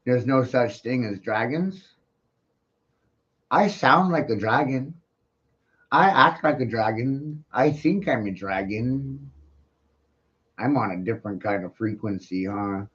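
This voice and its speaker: A commentary streamer with a medium-pitched, animated, slightly bright voice rambles through profane solo commentary full of rhetorical questions. He keeps asking "right?" and draws out his words slowly. It's a dull lo-fi home recording.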